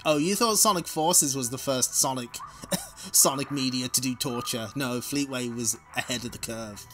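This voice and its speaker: A man's voice: medium pitch, moderate pace, music in the background. A man streaming a casual comic read-along, laughing often and breaking off to swear and comment. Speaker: streamer reading a comic aloud.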